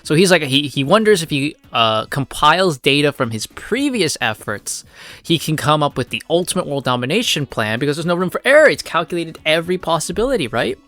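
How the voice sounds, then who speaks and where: A man's voice: a little high, very animated, a little fast, pushed and bright, no room sound. A man giving a casual, rambling review of a comic, full of fillers and blunt swearing.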